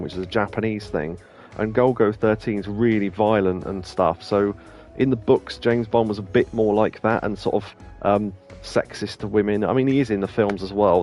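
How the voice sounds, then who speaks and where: A man's voice: lowish voice, darkish tone. A man chatting casually over gameplay, rambling through stories with many restarts and laughs. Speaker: let's play host.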